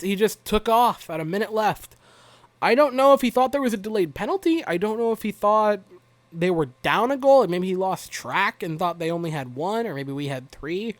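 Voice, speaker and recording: A man's voice: sits high, dry recording. A young man giving a rambling, wry, self-mocking recap of a hockey game as a fan vlogger.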